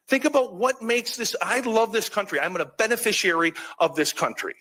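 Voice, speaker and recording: A man's voice: sits high, a little fast, sharp tone, rough recording. A man from Wisconsin giving an impassioned speech at an award event, earnest and emphatic.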